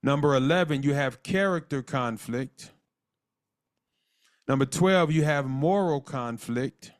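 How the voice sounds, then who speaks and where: A man leads a marriage class over a live call, his voice at an ordinary middle pitch. He speaks earnestly, circles back over his own words, and slows down to dictate points and spell them out letter by letter. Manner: earnest, repeats words, dictates lists slowly and spells terms out. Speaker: marriage church teacher. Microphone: call audio.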